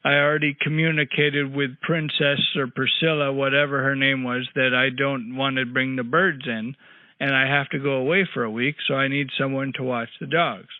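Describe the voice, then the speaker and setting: A man's voice: mid-range voice, level tone, moderate pace, dry recording, lightly acted. A man playing a cranky, rambling old man on a prank phone call, grumbling with crude asides. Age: older. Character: cranky rambling old man caller, married sixty years. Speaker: prank caller. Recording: tinny phone line, dry.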